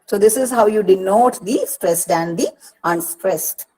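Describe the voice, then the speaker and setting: A woman with an Indian English accent speaks at a deliberately slow pace. She explains poetry step by step in an online counselling lecture. She often says "see" and repeats herself as she teaches. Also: mid-range voice, warm tone, poor audio.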